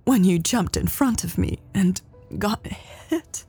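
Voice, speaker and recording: A woman voicing Elle, a remorseful, emotional adult woman, with a soft, slightly raised, tearful delivery. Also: on the low side, a little slow, creaky, slightly rough, soft background music, exaggerated voice.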